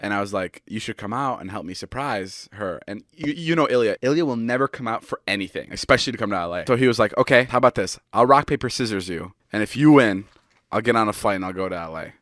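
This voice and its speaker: A man's voice: lowish voice, animated, fast talker, fairly bright tone, no echo, studio quality. A man in his twenties co-hosting a podcast, telling rambling stories in casual chat and swearing freely. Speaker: podcast co-host.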